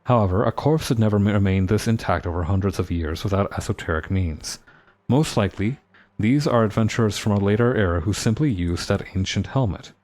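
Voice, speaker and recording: A man's voice: lowish voice, brisk, a little mellow. A man streaming a game live, reading its text aloud with playful comments.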